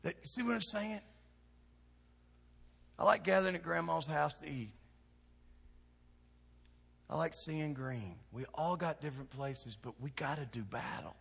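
Southern pastor preaching in a reverberant hall. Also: male voice, unhurried, gravelly, pauses often, breathy edge. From Kentucky. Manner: swings from hushed lows to shouted exhortation. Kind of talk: sermon.

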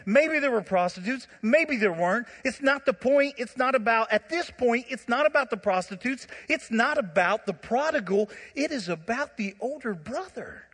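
Husky, high-voiced preacher in an echoing hall. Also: male voice, normal speed, few pauses. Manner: animated storytelling with laughs and asides. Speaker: pastor. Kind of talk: sermon.

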